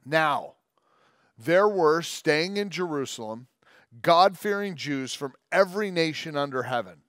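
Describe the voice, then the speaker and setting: A male pastor giving a sermon in a conversational, joking way, with quick asides and long scripture readings. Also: on the high side, a bit bright, no room sound, clean studio sound. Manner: reads scripture aloud at length.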